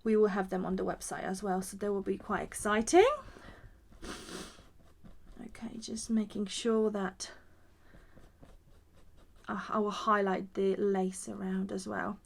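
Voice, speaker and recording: A woman with a creaky, mid-range voice and little pitch movement keeps a measured pace and takes long pauses. She founded a craft shop and, during a live demo, chats while working and gushes over her own results.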